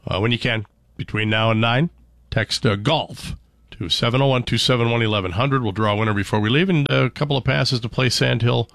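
A man's voice: medium pitch, fairly quick, vocal fry, a bit bright, dry recording. A man hosting a morning radio show in a studio, chatting casually and rambling with lots of fillers and restarts.

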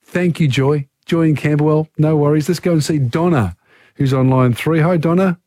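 A man hosting a talkback radio quiz, reading questions briskly and upbeat. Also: fairly high pitch, mellow, no room sound, studio quality.

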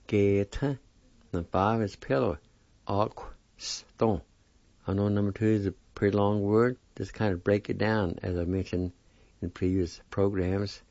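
A man teaching a vocabulary lesson, spelling and pronouncing each word slowly and patiently, repeating it several times. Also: lowish voice, creaky, a little mellow, no room sound. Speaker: language teacher. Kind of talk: slow spelling and pronunciation lesson. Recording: dull lo-fi recording.

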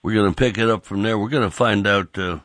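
A man's voice: on the low side, quick pace, fairly bright tone, dry recording, studio quality. A man hosting a talk radio show, rambling in a folksy way with frequent restarts.

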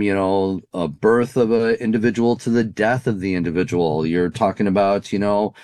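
A man's voice: lowish voice, a little mellow, dry recording. A man answering interview questions in a thoughtful, searching way, full of "you know" and "um". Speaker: paranormal investigator guest.

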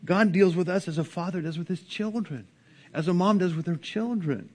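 A man preaching an earnest sermon as a pastor, with sudden rises and drops in pitch and loudness. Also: moderate pace. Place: church sanctuary.

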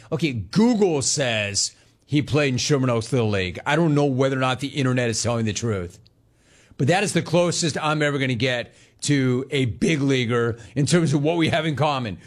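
A man in his forties hosting a casual sports talk show, telling stories and answering his live chat. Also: mid-range voice. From Los Angeles area. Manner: animated storytelling, quick asides to chat.

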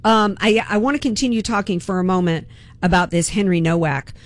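A woman's voice: medium pitch, brisk. A woman hosting talk radio, delivering an impassioned, indignant political monologue and repeating words when worked up.

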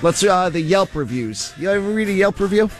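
High, teasing radio co-host. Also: male voice, expressive, fairly quick, soft background music. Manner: teasing, contrary.

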